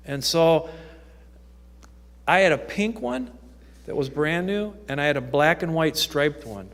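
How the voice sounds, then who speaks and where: A man's voice: on the high side, expressive, measured pace, a bit bright. A man who works in youth ministry, telling stories in a chatty way with frequent ums as he speaks from the pulpit of a church. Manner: conversational storytelling with frequent ums. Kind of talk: informal testimony talk from the pulpit. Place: church sanctuary. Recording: echoey church hall.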